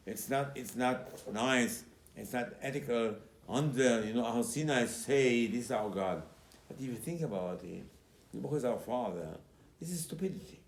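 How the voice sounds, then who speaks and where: A man who is a rabbi, giving a Torah class as an animated storyteller who acts out quotes and repeats his key points. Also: medium pitch, moderate pace. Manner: emphatic, repeats key phrases. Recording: roomy recording with faint background noise.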